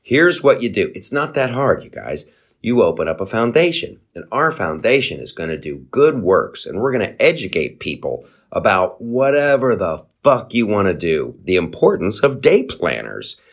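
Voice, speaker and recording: A man's voice: fairly low pitch, very animated, normal speed, husky. A man hosting a podcast, giving rambling, profane political commentary with sarcastic asides. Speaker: podcast host.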